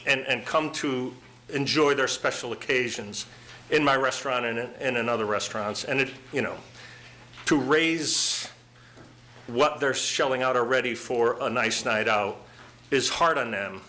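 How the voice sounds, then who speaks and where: Plainspoken restaurant owner at a council meeting. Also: male voice, mid-range voice, sharp tone, a little hiss or hum. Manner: plainspoken, halting, repeats words. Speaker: restaurant owner, public commenter. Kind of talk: public comment speech. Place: city council chamber.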